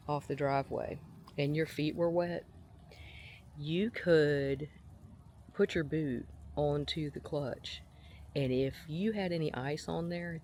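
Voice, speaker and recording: A woman, chatting casually as she films her visit to a farm, often breaking into a high, gushing voice at the animals. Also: darkish tone, a little hiss or hum. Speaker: vlogger. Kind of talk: casual outdoor vlog narration. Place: outdoor farm attraction. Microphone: handheld camera mic.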